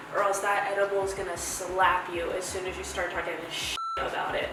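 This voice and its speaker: A woman's voice: mid-range voice, background noise. A young woman hosting a casual review vlog, chatty, rambling and playful. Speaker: host reviewing edibles. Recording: echoey room from far off with music.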